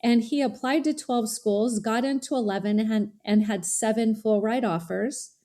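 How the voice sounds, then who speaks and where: A middle-aged woman, a college strategist guest, telling a lively story in a podcast interview and acting out the dialogue. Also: a little high, moderate pace. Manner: animated, acts out dialogue in quoted voices.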